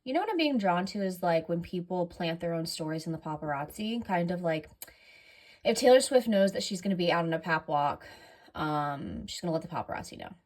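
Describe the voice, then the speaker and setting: A woman's voice: lowish voice, animated, fairly quick, a little mellow. A woman running a casual tarot reading, rambling and correcting herself often, audibly breathing heavily. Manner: rambling, filler-heavy, self-correcting. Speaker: tarot reader.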